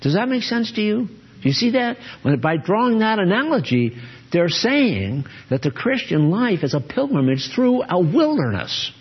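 A man's voice: high voice, very animated, moderate pace, slightly rough. A man preaching a sermon and teaching from the Bible, often asking his listeners questions. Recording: dull lo-fi recording.

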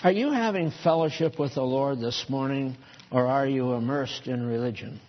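A man's voice: medium pitch, moderate pace, dull audio. A man preaching a sermon in a church, folksy and conversational, chuckling at his own asides.

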